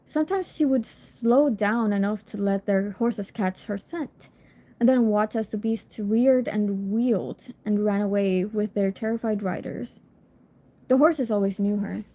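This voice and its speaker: A woman reading a novel aloud on a livestream, casual and steady, with a few apologetic asides between passages. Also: medium pitch, a little slow. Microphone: phone. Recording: lo-fi phone recording.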